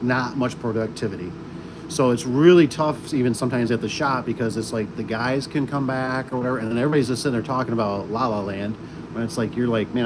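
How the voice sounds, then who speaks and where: A man who installs garage doors chatting casually on a livestream, rambling with many fillers and restarts. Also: mid-range voice. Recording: noisy, with air conditioning and vehicle sounds.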